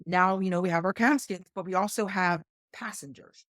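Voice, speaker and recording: A woman's voice: lowish voice, moderate pace, fairly bright tone, no echo, studio quality. A middle-aged woman from West Virginia, a podcast guest telling an earnest personal story and acting out remembered dialogue. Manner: earnest, acts out her past dialogue. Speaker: guest, retired flight nurse.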